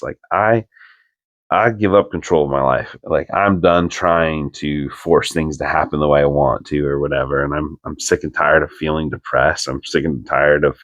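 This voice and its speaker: A young man with a very low voice talks casually as a podcast co-host. He tells his story earnestly, wandering through sentences packed with "like". The sound is dry and close, with no room around it. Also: no echo. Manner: rambling, full of "like" fillers, earnest.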